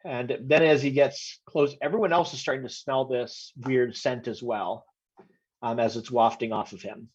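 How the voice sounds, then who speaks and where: A man narrating a tabletop game as game master, hesitant, with many pauses and ums while describing scenes. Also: medium pitch, fairly even intonation, a little mellow, slightly rough. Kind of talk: narrating a tabletop game over video call. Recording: dull lo-fi audio.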